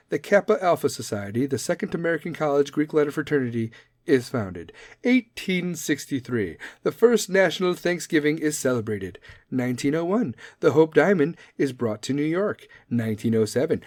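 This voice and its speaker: A man's voice: medium pitch, darkish tone, no echo, clean studio sound. A man hosting a podcast, reading history dates and riffing on them with profane, sarcastic comedy. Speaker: podcast host. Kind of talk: casual comedic commentary.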